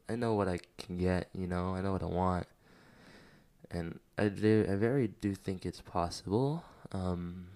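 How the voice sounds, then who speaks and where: A man's voice: deep voice, darkish tone. A man hosting a personal podcast, talking candidly and emotionally about his struggles, rambling with many fillers and near tears. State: close to tears. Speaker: podcast host. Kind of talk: personal reflective monologue.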